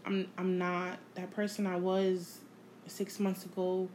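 A woman hosting her own podcast, talking without a script in a reflective, halting way, repeating phrases and swearing casually. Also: on the low side, monotone, darkish tone, a little hiss or hum, low-quality recording. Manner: emotional, candid, casual swearing. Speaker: podcast host. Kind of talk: unscripted personal monologue.

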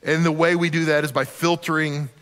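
A male pastor preaches in a somewhat high voice, earnest and conversational, often stumbling over the first word of a sentence. His voice rings out with a long reverb from a church hall. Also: level tone, fairly quick, fairly bright tone. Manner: earnest, conversational, repeats words when starting sentences. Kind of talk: sermon.

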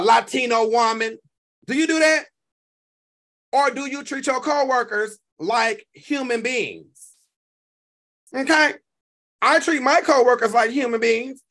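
A man, hosting a live stream and reacting to chat in an animated, profane, talk-back way. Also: very high voice. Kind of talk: casual live stream commentary.

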